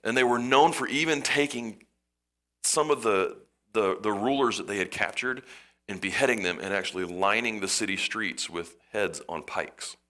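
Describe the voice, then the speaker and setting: A man preaching a sermon as pastor, retelling a story with animated, acted-out voices. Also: on the low side, normal speed.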